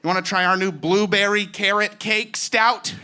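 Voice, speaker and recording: A man voicing an eager craft-beer brewer pitching a new flavor in an upbeat, salesy way. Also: steady tone, normal speed, bright, forceful tone, clear, resonant tone.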